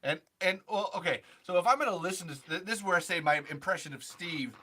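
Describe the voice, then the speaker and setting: A man's voice: high-pitched, expressive, fast talker, bright, forceful tone. A man, a comedian and impressionist, chatting on a podcast in a rambling, self-deprecating way with many restarts. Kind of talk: casual podcast chat.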